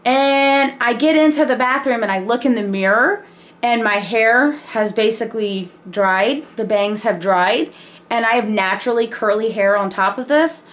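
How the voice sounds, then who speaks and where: A woman telling a personal story in a casual, animated way, laughing and swearing freely. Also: fairly high pitch, normal speed. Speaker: vlogger.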